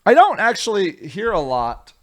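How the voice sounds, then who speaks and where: An American man from the United States hosting a casual solo commentary vlog, rambling and self-deprecating, with a voice that swings widely in loudness. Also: sits high, huge pitch swings, normal speed. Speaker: vlogger, show host.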